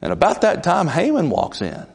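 A man preaching a folksy, conversational sermon as pastor, with sudden leaps in pitch. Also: wildly swooping pitch, normal speed, gravelly, husky.

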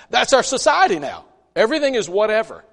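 A man preaching a conversational sermon in a church, folksy and animated, with chatty asides between scripture readings. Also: high voice, moderate pace, vocal fry. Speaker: pastor. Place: church sanctuary. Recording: long church reverb.

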